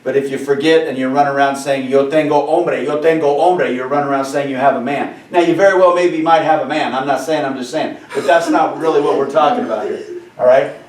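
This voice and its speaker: A male Spanish teacher giving a lesson, animated and joking, who keeps repeating key phrases and checking with "right?". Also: mid-range voice, fast talker, roomy sound, distant mic, rough recording. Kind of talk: classroom lesson over a video call. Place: classroom or room with a board.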